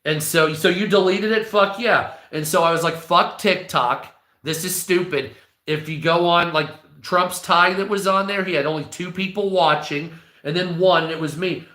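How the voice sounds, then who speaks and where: A man's voice: high-pitched, moderate pace, sharp tone, roomy sound. A man in his forties ranting casually on a livestream, swearing a lot and rambling. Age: 40s. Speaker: livestream host.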